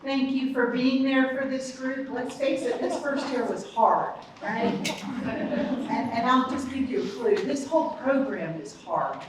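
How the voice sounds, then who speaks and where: A woman's voice: sits high, unhurried. A woman, a college dean giving an upbeat, chatty ceremony speech that speaks straight to the audience. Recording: echoey hall, distant mic, background noise.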